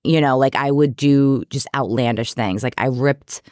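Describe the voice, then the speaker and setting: Smooth-voiced woman telling candid stories. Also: extremely low pitch, normal speed, no echo, studio quality. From New York. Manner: animated, self-deprecating storyteller. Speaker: podcast guest, psychotherapist. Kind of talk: candid storytelling in conversation.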